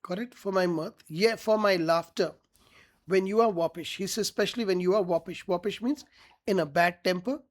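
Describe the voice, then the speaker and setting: A man's voice: high voice, brisk. A man teaching a literature lesson, reading each quoted line and then paraphrasing it plainly, often checking whether his students follow.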